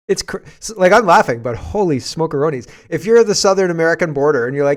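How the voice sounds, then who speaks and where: A man's voice: on the high side, quick pace, few pauses. A Canadian man hosting casual political commentary, rambling and sarcastic and often laughing.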